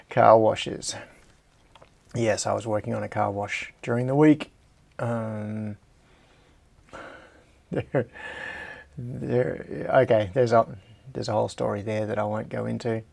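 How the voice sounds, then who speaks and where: A man's voice: fairly low pitch, fairly even intonation, a little slow, creaky, pauses often, a little mellow. A middle-aged Australian man with a slight American tinge, hosting a casual livestream and thinking aloud as he works in his home workshop. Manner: rambling, self-mocking, talks to himself while tinkering. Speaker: host.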